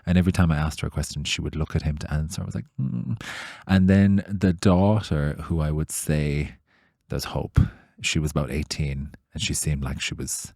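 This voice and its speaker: Irish guy, very low voice, dry close sound, animated sweary storyteller, casual podcast chat. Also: a little fast, hardly any pauses, no echo. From Ireland. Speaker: podcast co-host and tour guide.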